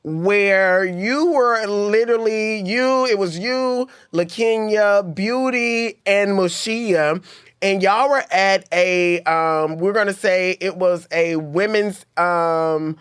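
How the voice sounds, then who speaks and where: A woman hosts a casual interview chat, reacting to her guest and recapping what happened. Her voice is smooth and resonant, recorded close and dry. She keeps the talk moving with chatty asides. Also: mid-range voice, dry recording. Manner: chatty, quick to react and sum up. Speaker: podcast host.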